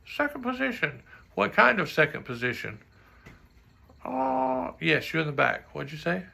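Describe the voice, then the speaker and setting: In this music clinic, a trombone teacher with a rough, deeply gravelly yet bright and forceful voice works through audition pieces at a measured pace, his pitch swinging widely. He sings out rhythms to model articulation, points out his own playing's flaws, and makes the odd joking aside.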